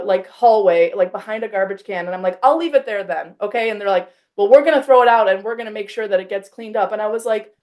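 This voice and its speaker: A woman in her thirties chats casually as a podcast host. She tells an anecdote animatedly, acting out both sides of the conversation and peppering her speech with "like". Her voice sits at an ordinary middle pitch. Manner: animated storyteller, acts out quoted exchanges, frequent "like".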